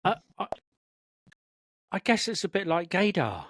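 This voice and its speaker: A man's voice: high voice, very animated, measured pace, a bit bright, no echo. Hesitant man, dry humor. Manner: hesitant, self-deprecating, dry. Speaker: podcast co-host. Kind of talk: casual chat.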